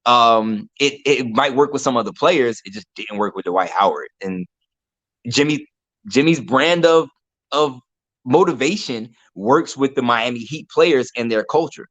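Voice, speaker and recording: A man co-hosting a casual sports chat, relaxed, often repeating words as he talks. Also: medium pitch, unhurried, no room sound.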